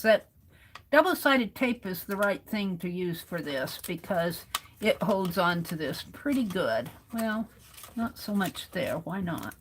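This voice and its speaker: Slow, chatty American woman crafting. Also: mid-range voice, a little hiss or hum. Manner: chatty, talks to herself while working. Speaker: craft livestream host. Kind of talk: hands-on craft demo.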